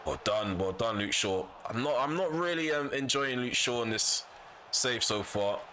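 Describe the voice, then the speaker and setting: Male gaming YouTuber, bright tone, frustrated self-repeating commentary over a faint hum. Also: medium pitch, animated, moderate pace. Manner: frustrated, vents and repeats himself. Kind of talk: casual gameplay commentary.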